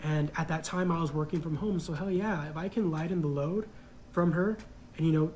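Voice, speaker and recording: A man's voice: on the high side, a little mellow, slight background noise, low-quality recording. Reflective man telling his own story. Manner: reflective, hesitant, many fillers. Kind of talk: casual personal storytelling.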